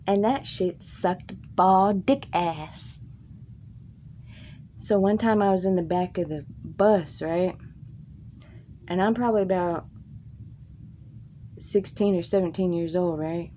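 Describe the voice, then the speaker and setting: A woman from Tennessee telling crude, funny stories from her life in a casual, drawn-out way. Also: mellow, a little hiss or hum. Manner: slow, drawn-out delivery with crude jokes and squeaky put-on quotes. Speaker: comic storyteller. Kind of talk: casual comic storytelling.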